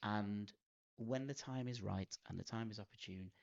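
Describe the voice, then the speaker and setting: A man's voice: fairly low pitch, normal speed, darkish tone. A man impersonating a polite female Scottish hotel receptionist who answers with practised, unhesitating courtesy. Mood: smoothly reassuring. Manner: unhesitating, smooth customer-service courtesy. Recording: dull lo-fi podcast audio.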